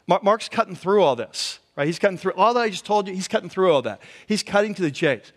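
A man preaching a conversational sermon as a pastor, telling the story in an animated way and acting out the quotes. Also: sits high, quick pace. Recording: long hall reverb.

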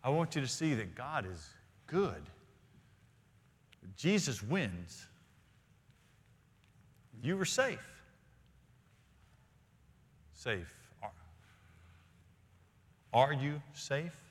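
A male senior pastor preaching a sermon in a church, earnest, often slowing and dropping to quiet emphasis. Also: medium pitch, big pitch swings, breathy edge. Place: church sanctuary. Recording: long reverb of a large hall.

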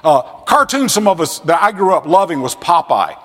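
A man giving a classroom lecture on scripture, animated and fond of acting out the voices he quotes. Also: a little high, normal speed, in a large hall. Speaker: seminary lecturer.

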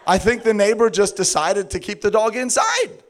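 A man with a fairly high voice delivering a sermon as a lively personal anecdote. He laughs through his lines and slips into a high sing-song when quoting himself, then settles back into plain preaching. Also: normal speed. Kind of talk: sermon storytelling.

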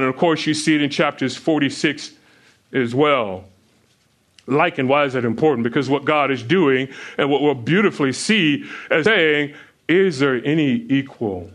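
A man's voice: normal speed, fairly bright tone. A man preaching a sermon who keeps asking the listeners questions, with chuckles between points. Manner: asks the listeners questions, rises in pitch when stressing points. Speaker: pastor.

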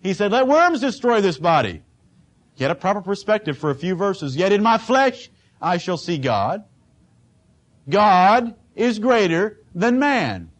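A man's voice: high-pitched, sing-song, moderate pace. A man preaching a sermon as pastor, emphatic and dramatic, acting out the lines he quotes.

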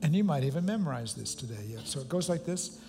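A man's voice: a little high, expressive, quick pace, vocal fry, warm tone. A pastor preaching a sermon to his congregation and leading them in reciting scripture line by line. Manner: leads congregation in call-and-response recitation. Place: large church auditorium. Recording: long hall reverb with faint music.

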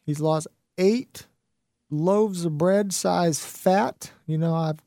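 High-voiced earnest male radio host. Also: takes it slowly, gravelly, mellow, no echo, clean studio sound. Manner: earnest, storytelling, many fillers. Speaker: radio talk show host. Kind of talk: motivational radio talk.

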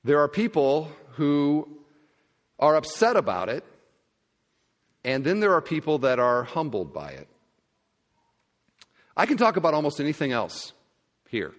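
A pastor giving a sermon, telling stories in a lively way and acting out the scenes. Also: male voice, fairly high pitch, unhurried, long pauses. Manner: animated storytelling, acting out scenes. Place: large church hall. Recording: long reverb of a church hall.

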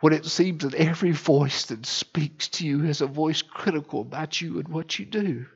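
A male pastor preaching a sermon with passion, swinging from hushed to loud. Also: on the high side, moderate pace, husky, dull audio.

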